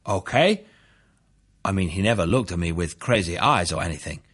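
A nervous neighbor on the witness stand, hedging with "uh"s and trailing off, as a man reads him in his own low, husky voice. His replies are halting and wary. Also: lively intonation, a bit bright, full character voice. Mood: hesitant. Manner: hesitant, with fillers.

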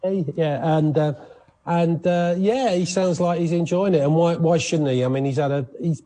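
A man's voice: on the high side, moderate pace. A man presenting sports news in a chatty, conversational way on radio. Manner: chatty, conversational, animated asides.

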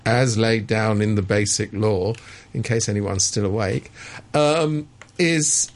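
A man's voice: on the low side, takes it slowly. A man living in Hong Kong giving opinionated political commentary in a sardonic, emphatic way, with many restarts. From Hong Kong resident. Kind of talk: opinionated discussion.

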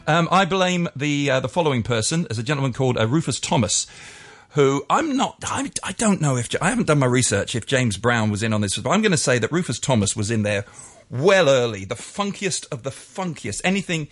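A man's voice: medium pitch, big pitch swings, brisk. A male radio DJ chatting about his music picks in a jokey, rambling way.

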